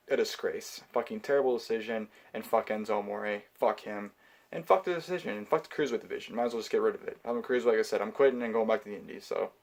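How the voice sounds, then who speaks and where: A man giving a casual, heated review of a wrestling show, swearing often and filling pauses with ums. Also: lowish voice. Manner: profane, heated ranting; frequent filler words and restarts. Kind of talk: casual pay-per-view review.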